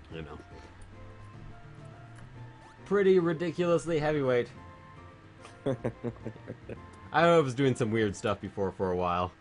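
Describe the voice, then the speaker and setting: A man streaming a game while a bit drunk, chatting in a silly, rambling way and jumping into high joking voices. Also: sing-song, takes it slowly, long pauses, soft background music. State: tipsy. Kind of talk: casual livestream chat.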